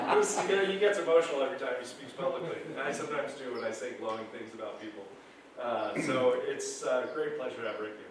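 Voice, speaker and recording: A man's voice: medium pitch, fairly quick. A man, the executive director, introducing a speaker with rambling anecdotes. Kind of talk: event introduction. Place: school hall. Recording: echoey hall from far off, noise.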